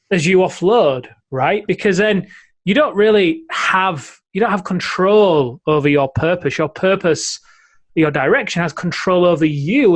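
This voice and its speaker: A man co-hosting a podcast and coaching men, explaining ideas in a conversational way, often checking in with "right?". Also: a little high. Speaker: podcast co-host, men's coach.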